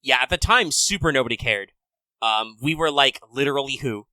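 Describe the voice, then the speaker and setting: A man co-hosting a podcast, talking in a relaxed, casual way with many fillers. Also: medium pitch, a little fast, no room sound, low-quality recording. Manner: relaxed, filler-heavy gamer talk. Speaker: podcast co-host. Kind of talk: casual chat.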